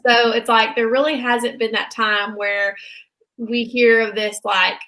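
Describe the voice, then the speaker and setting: Young woman co-host, bright and excitable, casual recap chat. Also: fairly high pitch, unhurried, rough recording. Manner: excitable, animated, chatty. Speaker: podcast co-host.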